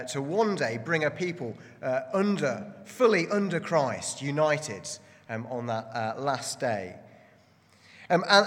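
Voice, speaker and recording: A man's voice: mid-range voice, a bit bright, big-room sound. A man, a pastor preaching a sermon in a church with many ums and restarts. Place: church building.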